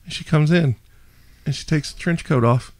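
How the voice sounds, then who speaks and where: A man's voice: fairly high pitch, normal speed, a little mellow. A young man, a podcast host, telling a story animatedly with frequent laughter and self-mocking asides. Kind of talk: casual storytelling.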